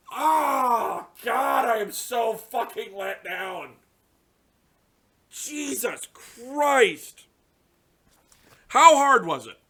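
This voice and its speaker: A young man giving casual, profane reaction commentary on a card game release, ranting in exasperation with sudden loud outbursts. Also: high-pitched. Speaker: card game content creator.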